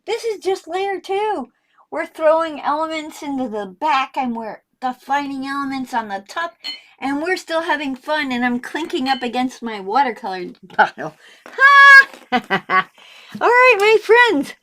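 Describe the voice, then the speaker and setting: A woman with a high, fairly bright voice and a slight lisp hosts a casual painting tutorial for her art channel, talking at normal speed with lively intonation. She's chatty, giggly, and encouraging, laughing often and swearing freely.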